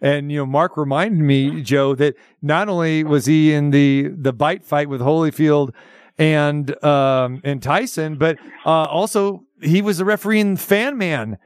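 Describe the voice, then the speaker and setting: A man's voice: on the high side, steady tone, unhurried, smooth, dry recording, clean studio sound. A man hosting a boxing radio show, asking loose, rambling questions full of fillers. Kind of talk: casual radio interview.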